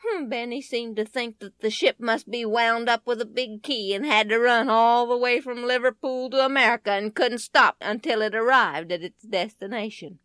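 A woman narrating a children's story in an expressive, lively storytelling manner. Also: fairly high pitch, moderate pace, few pauses, clear, resonant tone, dry recording.

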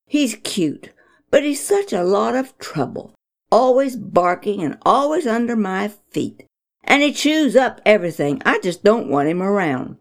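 A stern, fussy mother, as a woman reading a storybook puts her on scolds in a slow, animated voice. There is a gravelly edge to it. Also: medium pitch. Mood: complaining. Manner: complaining, scolding.

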